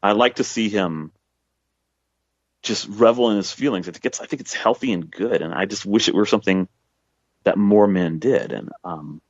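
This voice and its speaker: A man's voice: fairly low pitch, moderate pace, no echo, dull audio. A man in his forties, a guest author, talking in a casual podcast conversation, rambling with many fillers and restarts. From south Texas.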